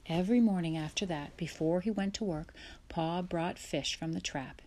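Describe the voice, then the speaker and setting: A woman narrating a children's chapter book aloud in a gentle, unhurried way. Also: on the low side. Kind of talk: storybook read-aloud.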